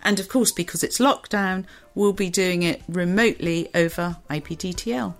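A woman's voice: on the low side, normal speed, faint music behind. A woman presenting a book show, reading a novel aloud expressively, then chatting with her co-host.

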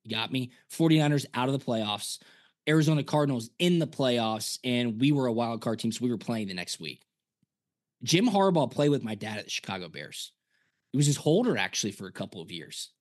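A former punter co-hosting a casual sports podcast, telling stories and acting out quotes. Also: male voice, mid-range voice, fairly quick. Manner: animated storyteller, acts out quotes.

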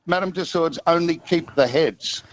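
A man's voice: a little high, moderate pace, highs cut off. An older Australian man, a guest on a sports radio show, telling jokes and stories in playful banter. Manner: playful storyteller, repeats "I tell you what". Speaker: guest, former TV host.

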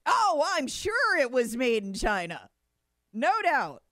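Middle-aged female talk co-host, high lively voice, indignant and sarcastic, dry close mic. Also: takes it slowly, no room sound. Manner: emphatic, indignant, sarcastic mock quotes. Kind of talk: political commentary chat.

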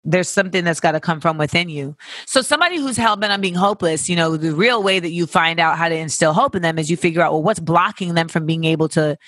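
Bright, candid podcast host. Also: mid-range voice, fast talker, hardly any pauses, no echo, clean studio sound. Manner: candid and profane, riffing with playful tangents. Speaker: podcast host answering listener questions. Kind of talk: casual reflective chat.

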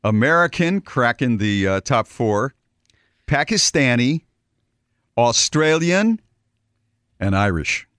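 Male radio co-host, teasing banter, animated pitch, dry close mic. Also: slow pace, long pauses, smooth, dry recording. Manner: joking, teasing, lively delivery.

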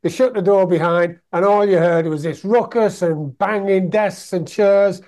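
A man's voice: high-pitched, unhurried, a little mellow. A man from England hosting an interview, chatting casually and recapping his guest's stories. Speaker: interviewer, host.

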